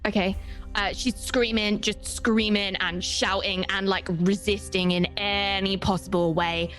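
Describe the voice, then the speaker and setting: A woman's voice: mid-range voice, steady tone, a little slow, fairly bright tone, soft background music. A woman playing in a tabletop role-playing game, stammering and laughing as she describes her character. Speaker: player. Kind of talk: casual tabletop play.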